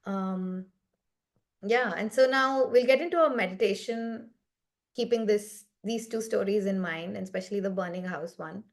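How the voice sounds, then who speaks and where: A woman's voice: medium pitch, moderate pace. A woman leading a meditation session on a video call, telling a story in a reflective, conversational way and often checking in with "right?". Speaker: meditation facilitator.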